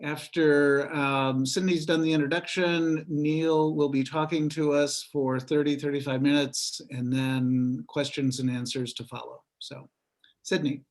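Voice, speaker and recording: A man's voice: on the high side, flat delivery, measured pace. A man opens a lecture series event with short, chatty announcements. His voice sits a little above the usual male range. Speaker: event host. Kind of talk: event introduction.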